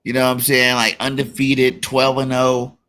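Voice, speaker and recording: A man hosting a casual sports talk show, relaxed and full of "you know" fillers. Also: mid-range voice, moderate pace. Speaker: podcast host.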